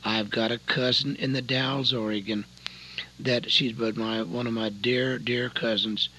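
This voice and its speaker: A man's voice: medium pitch, steady tone, measured pace, bright, forceful tone, husky, poor audio. An older man preaching a folksy radio sermon from his home radio room, pleading with listeners and telling personal stories.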